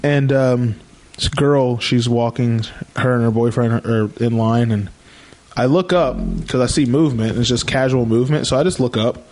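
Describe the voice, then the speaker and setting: A man's voice: mid-range voice, moderate pace, darkish tone. A young man co-hosting a podcast, telling a rambling story in casual chat and acting out what others said. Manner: rambling anecdotes with quoted voices. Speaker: podcast co-host.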